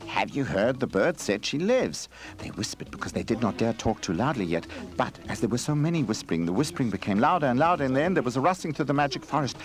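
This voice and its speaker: A man reading a children's storybook game aloud as narrator, gentle and measured. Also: medium pitch, animated. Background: faint music.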